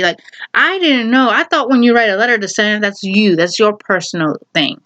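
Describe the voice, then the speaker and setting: A woman's voice: medium pitch, a little fast, a bit bright, highs cut off. Rambling woman telling a story. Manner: rambling, lots of "like", frequent laughs. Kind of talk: casual storytelling vlog.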